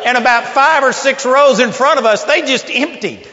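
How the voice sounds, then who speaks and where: A man's voice: very high voice, normal speed, noisy background. A male preacher telling a story in a sermon, acting out the voices and laughing often. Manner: animated storyteller, acts out quotes, laughs often. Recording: dull lo-fi recording in a big hall.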